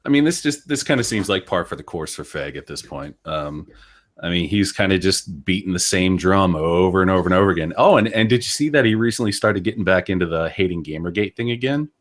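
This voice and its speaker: A man's voice: sits low, animated, a little fast. A man co-hosting a casual podcast, laid-back and sardonic, laughing often. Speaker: podcast co-host.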